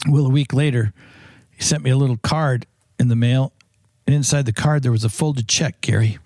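A man's voice: medium pitch, steady tone, moderate pace, a little mellow, no echo. A man who is a priest, telling long anecdotes in an interview, with frequent restarts and fillers. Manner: rambling anecdotes with many restarts. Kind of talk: storytelling interview answers.

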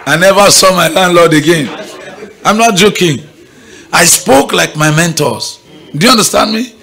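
A Nigerian-accented pastor preaches at a church morning prayer gathering, emphatic and bright, repeatedly checking that listeners are following along. He has a high, expressive voice with vocal fry, speaks at a moderate pace, and some chatter can be heard behind him.

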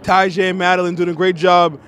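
A man doing play-by-play commentary for a local soccer game, excitable and chatty, shouting on big plays. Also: sits high, a little fast, clear, resonant tone. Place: press box at an outdoor soccer game.

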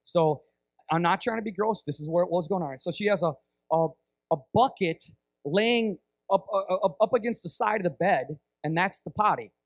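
A man with a high-pitched voice, speaking at normal speed in a dry recording, preaches as a guest speaker. His storytelling sermon is vivid and animated; he acts out voices and often checks in with "right?"

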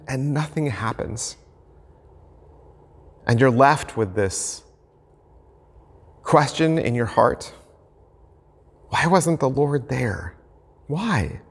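Man, pastor, earnest sermon, mid-pitched voice, long hall reverb. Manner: earnest, animated, acts out the voices of people asking questions.

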